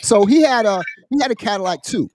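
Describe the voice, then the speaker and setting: A man, a military veteran, on a podcast, casually telling a story in an animated, profane way and acting out the people in it. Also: high-pitched, fast, no echo, studio quality. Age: adult, military veteran. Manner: animated, profane, acts out quoted voices. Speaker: podcast co-host.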